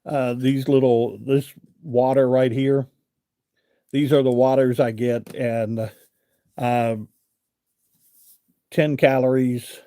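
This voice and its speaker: A man's voice: mid-range voice, flat delivery, slow pace, long pauses, mellow, dry recording, clean studio sound. A man hosting a live chat, telling a rambling everyday story with lots of fillers and "I said" asides. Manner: chatty, rambling with fillers and repeated "I said". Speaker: livestream host.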